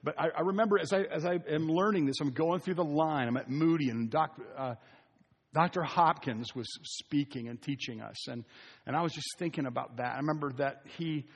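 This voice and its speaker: A man's voice: on the high side, fairly quick, breathy edge. A man preaching a conversational sermon, repeating key phrases for emphasis. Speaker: pastor. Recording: long hall reverb.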